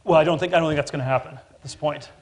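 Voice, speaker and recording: Halting man with many restarts. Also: a little high, steady tone. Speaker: panel guest. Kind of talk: public forum discussion.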